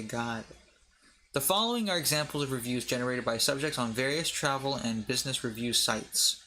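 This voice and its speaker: A man's voice: mid-range voice, pushed and bright, a little hiss or hum. A man streaming as a VTuber, reading articles aloud for chat, joking, tripping over words and breaking off to laugh.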